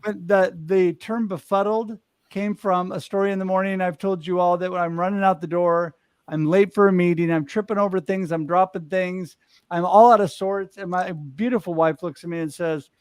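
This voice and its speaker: A man's voice: high-pitched, fairly even intonation, moderate pace, smooth, no echo, studio quality. A middle-aged man hosting a casual panel chat over a video call, upbeat and telling stories about himself with self-deprecating humor. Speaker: host.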